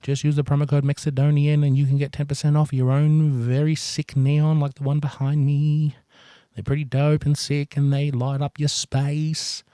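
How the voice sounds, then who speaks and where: A man's voice: a little high, level tone, normal speed, warm tone, clear, resonant tone, no room sound, clean studio sound. A man doing a casual, upbeat sponsor read for a podcast in slangy talk. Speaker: podcast host reading a sponsor ad.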